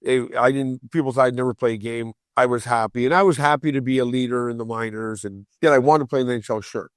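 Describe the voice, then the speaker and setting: A man in his forties tells a story on a podcast with lots of energy. He jumps into the voices of the people in the story and stumbles over his words when he gets excited. The sound is close and dry, with no room around it. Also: mid-range voice, fast talker, no room sound. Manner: animated, acts out quoted voices, repeats words when excited. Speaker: guest storyteller.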